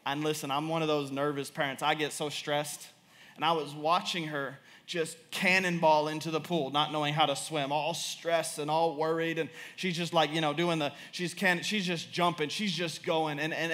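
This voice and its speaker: Young guy preaching, high bright voice, animated and repeats himself a lot. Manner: animated, repetitive, quick to laugh and rise in pitch. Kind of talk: sermon.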